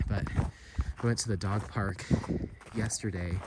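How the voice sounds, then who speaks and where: A man's voice: lowish voice, normal speed. A man chatting casually and rambling with lots of fillers while walking a mountain trail for his vlog. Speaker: vlogger. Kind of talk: casual walk-and-talk vlog. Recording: heavy outdoor background noise. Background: loud outdoor noise.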